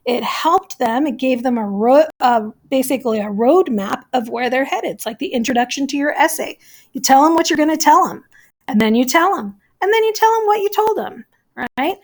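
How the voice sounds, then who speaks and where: A woman's voice: high voice, a little mellow. A woman English teacher giving a recorded lesson, explaining methodically step by step and counting aloud. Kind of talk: recorded classroom lesson walkthrough.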